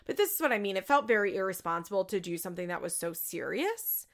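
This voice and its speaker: A woman's voice: mid-range voice, big pitch swings, fast, fairly bright tone. A woman recapping a reality show in casual, chatty talk, laughing often and swearing freely.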